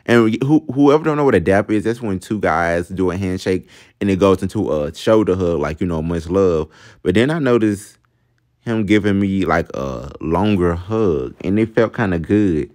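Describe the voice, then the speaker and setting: Deep-voiced young man telling a story. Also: expressive, moderate pace, a little mellow. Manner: chatty, addresses viewers as y'all, laughs at himself. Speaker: vlogger. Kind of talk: casual storytime vlog.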